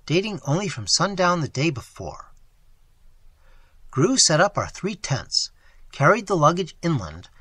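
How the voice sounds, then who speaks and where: An audiobook reader narrating a story with animated delivery, acting out the dialogue and dropping into whispers at times. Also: mid-range voice, breathy edge, no room sound. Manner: animated, acts out dialogue with sudden drops to a whisper. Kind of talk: scripted narration.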